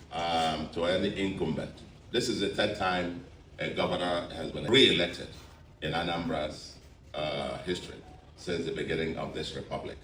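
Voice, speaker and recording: A very low-voiced Nigerian man delivers a victory speech as a re-elected governor, measured and emphatic, stacking repeated phrases. He sounds distant from the mic in a roomy, echoing space, with faint noise behind him. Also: a bit bright.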